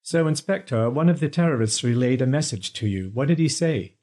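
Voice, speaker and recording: A man's voice: mid-range voice, lively intonation, a little fast, darkish tone, voice pushed up, natural voice. A man voicing an inquisitive television reporter interviewing a police officer.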